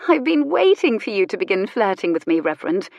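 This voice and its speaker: A woman's voice: medium pitch, sing-song, fairly quick, vocal fry, darkish tone, no echo, lo-fi sound. A woman voicing a witty, flirtatious disgraced countess who speaks with tart, sweet irony. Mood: arch. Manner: arch, sweetly ironic, tart.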